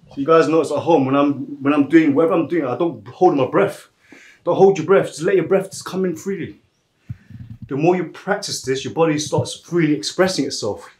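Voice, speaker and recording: A man's voice: fairly high pitch, brisk, darkish tone, reverberant, low-quality recording. A man working as a massage therapist, chatting casually and laughing often while he massages. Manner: laughs often, loose slangy storytelling.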